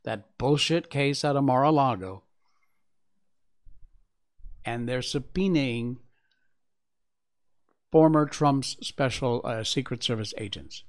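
Casting note: male commentary host, mid-pitched, sarcastic and combative, muttered low asides between headlines. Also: takes it slowly, pauses often. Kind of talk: opinionated news commentary.

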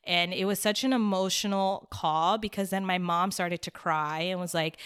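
A young woman guest telling a personal story in a chatty, casual way, full of "like" and quick laughs. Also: on the low side, fairly even intonation, a bit bright, clear, resonant tone. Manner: chatty, peppered with "like", laughs often.

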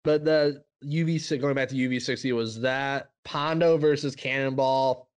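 A man hosting a podcast in casual chat, excitable and easily fired up. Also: normal speed, clean tone. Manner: excitable, swings into loud high yelps when excited. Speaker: podcast host.

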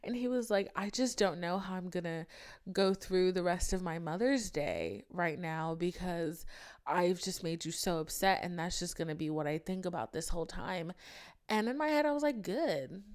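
A young woman hosting a podcast, telling a candid story in a casual chat, animated and swearing freely, with big swings in pitch and loudness. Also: moderate pace, clear, resonant tone. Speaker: podcast host.

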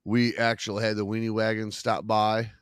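A man's voice: fairly low pitch, monotone, moderate pace, clear, resonant tone, no room sound. A laid-back man chatting on a podcast, cursing casually and laughing easily between lines. His voice is recorded dry and close, with no room sound around it. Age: adult parent. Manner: laid-back, swears freely, laughs often. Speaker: podcast co-host. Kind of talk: casual chat.

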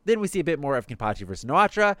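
Guy recapping an anime, lively up-and-down voice, smooth and dry. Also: on the high side, racing, dry recording. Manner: swears casually, acts out quotes in passing. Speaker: podcast host recapping an anime. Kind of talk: casual recap chat.

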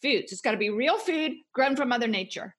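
A woman's voice: on the high side, expressive, a little fast, slightly rough. A woman guest author talking passionately and emphatically in a podcast interview. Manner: passionate, emphatic motivational talk.

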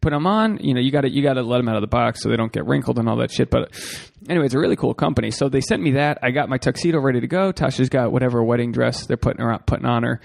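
A male podcast host with a gravelly, creaky edge to his mid-pitched voice. He rambles through a solo monologue, cursing casually and calling his listeners "folks." His tone stays loose and conversational as he restarts his sentences. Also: racing. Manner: rambling, profane, talks straight to listeners as folks. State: a bit out of breath.

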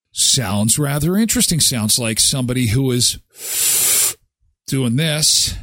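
Guy hosting a live show, kinda husky voice, bounces up and down a lot, cracking jokes. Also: medium pitch, moderate pace, no echo, studio quality. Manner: animated, exclaiming and joking. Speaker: host of live daily show. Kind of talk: casual live-stream chat.

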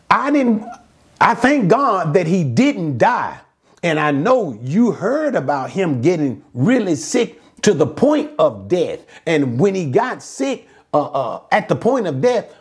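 Middle-aged male pastor, conversational sermon delivery, fairly high voice that swings widely in pitch. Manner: conversational, lively preaching with asides to listeners. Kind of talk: sermon teaching.

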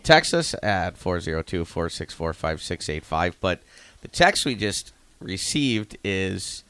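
A man's voice: low-pitched, very animated, unhurried, a bit bright, smooth, dry recording. A man, a hockey coach, chatting casually on a radio show and telling easygoing stories. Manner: easygoing storyteller who acts out quotes.

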